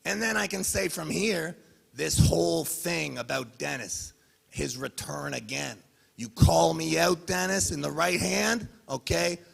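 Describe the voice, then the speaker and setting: A man with a high, heavily gravelly voice fires taunting questions at a rival. His talk is heated and insistent, and it rings out with a long reverb in a large press hall. It comes across husky and rough. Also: measured pace. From Canada. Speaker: arm wrestler at a press conference. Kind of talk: confrontational trash talk. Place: press conference venue.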